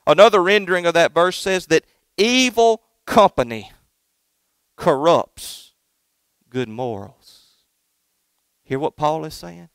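Earnest preaching man, smooth clear voice. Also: fairly high pitch, slow, long pauses, a bit bright, no room sound. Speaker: pastor. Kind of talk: sermon with opening prayer. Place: church in front of a congregation.

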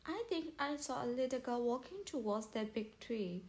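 A woman reading as a gentle female moon from a children's storybook, curious and full of questions. her voice sits a little high and is read aloud plainly. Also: expressive, normal speed.

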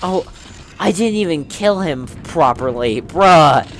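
A man's voice: fairly high pitch, lively intonation, slow pace, heavy background noise. A young man doing casual, joking gaming commentary, swearing and laughing at himself. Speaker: let's play gamer.

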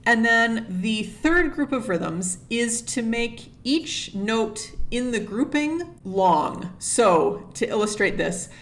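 A woman's voice: a little high, takes it slowly, few pauses. Methodical woman teaching string practice. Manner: methodical, steady, breaks steps down one at a time; sings rhythms on nonsense syllables to illustrate. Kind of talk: instructional explanation to camera.

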